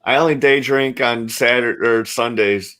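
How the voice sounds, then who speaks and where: A man co-hosting a casual podcast, retelling TV scenes in an animated way and swearing freely. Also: mid-range voice, moderate pace.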